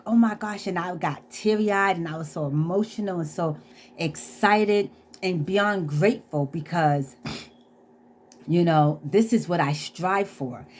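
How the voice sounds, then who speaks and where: Lady vlogger with a lowish voice, earnest and preachy, telling a story. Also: slight background noise. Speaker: inspirational vlogger. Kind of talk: casual inspirational monologue.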